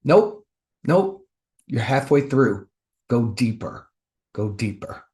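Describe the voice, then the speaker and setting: A man voicing a gentle but firm male inner voice of God, soft and low. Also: lively intonation, slow pace. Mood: urging.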